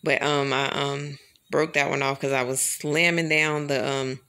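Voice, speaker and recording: A woman's voice: very deep voice, flat delivery, measured pace, fairly bright tone, clean tone. A woman vlogger chatting casually to her camera, rambling and calling her viewers y'all.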